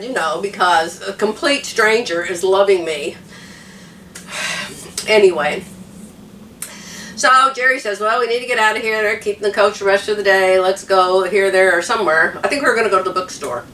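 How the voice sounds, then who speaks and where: An older American vlogger, tearful from crying, tells her viewers a story casually and laughs while talking. Her mid-range voice is animated, bright, and forceful at a normal speed, with slight background noise in an echoey room, a bit far from the mic.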